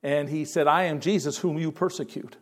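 A man's voice: a little high, fairly even intonation, normal speed. A middle-aged man preaching a sermon in a conversational way, acting out quoted lines in raised voices. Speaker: pastor.

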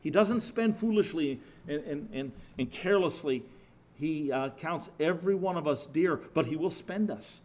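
A male preacher delivers a sermon in a loose, conversational way, telling stories with animation and breaking off to restart or add asides. His voice sits somewhat high for a man. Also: normal speed, darkish tone.

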